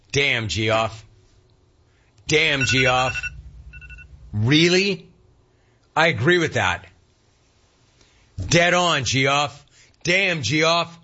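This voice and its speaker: A man's voice: medium pitch, slow, long pauses, pushed and bright, dull audio. A man hosting a casual talk radio show and reading listener complaints, talking in slang and repeating words for emphasis.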